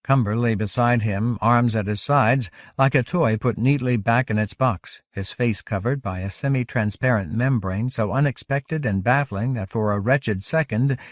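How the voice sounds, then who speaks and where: A man narrates a fantasy novel in a steady, measured way. His voice sits at an ordinary pitch for a man. The recording is dry and close. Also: no echo. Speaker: audiobook narrator. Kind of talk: scripted narration.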